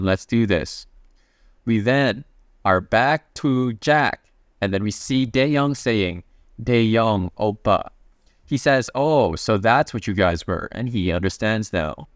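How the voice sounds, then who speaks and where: A man's voice: medium pitch, no room sound, clean studio sound. A man narrating a comic recap in a casual, chatty way, reading the characters' lines in his own voice. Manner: reads character quotes in his plain voice, chatty asides.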